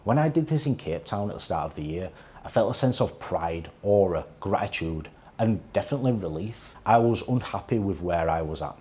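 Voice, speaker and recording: A man's voice: sits low, lively intonation, fairly quick, warm tone. A man speaking as a fitness and life coach in a motivational vlog, earnest and repetitive in his urging. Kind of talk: motivational talking-to-camera vlog.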